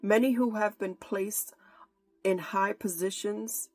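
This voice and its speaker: Female preacher, unhurried pleading delivery, gravelly tone, faint music bed. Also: medium pitch, steady tone, darkish tone, dry recording. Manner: slow, fervent, pleading prayer. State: holding back tears. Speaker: prophetic preacher. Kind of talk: prayer and prophetic message.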